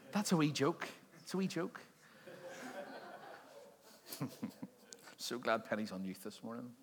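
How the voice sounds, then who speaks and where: At a church service, a male pastor preaches to his congregation in a conversational, joking style, often putting questions to them. His voice is medium-pitched and creaky.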